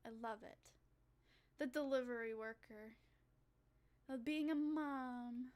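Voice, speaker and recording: Young woman vtuber ranting about arcades, high voice, swears a lot, gets super excited. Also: slow pace. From United States. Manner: excitable, profane, rambling. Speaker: Vtuber streamer. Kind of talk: casual reaction commentary.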